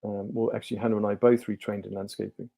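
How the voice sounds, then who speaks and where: Middle-aged guest, low warm voice, meandering storyteller. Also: male voice, flat delivery, fast talker, creaky. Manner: rambling, many ums and restarts. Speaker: podcast guest, life coach. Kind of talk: relaxed storytelling interview.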